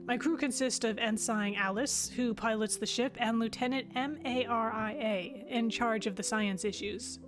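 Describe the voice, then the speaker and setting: A woman's voice: a little high, moderate pace, few pauses, lightly acted. A woman playing an earnest young starship captain. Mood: reflective. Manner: earnest first-person log narration. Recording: music playing underneath.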